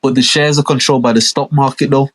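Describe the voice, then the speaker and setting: A young man trades casual podcast banter, arguing his point and slipping into impressions of other people. His voice sits at a middle pitch with a husky, breathy edge. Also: fast. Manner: animated, argumentative, mimics other people. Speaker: podcast co-host. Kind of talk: casual chat.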